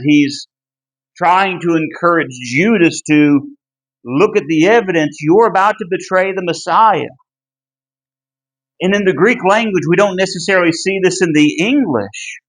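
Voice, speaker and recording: A man leads a Bible study lesson in an unhurried, deliberate way. His voice sits high for a man. He is earnest and emphatic, almost pleading when he drives a point home. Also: a bit bright, low-quality recording. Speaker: Bible class teacher.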